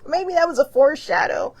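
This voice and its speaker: A woman hosting a show, talking in a rambling, earnest casual monologue full of fillers and restarts, with the odd swear word. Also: high-pitched. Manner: earnest, with bursts of laughter and mild swearing. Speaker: host.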